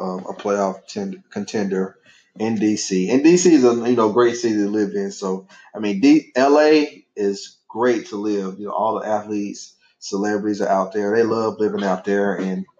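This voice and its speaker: A man's voice: on the low side, steady tone, normal speed, darkish tone. A man hosting a podcast with his son, chatting casually in a loose, rambling way and laughing easily. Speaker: podcast host and father. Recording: echoey, dull lo-fi room sound.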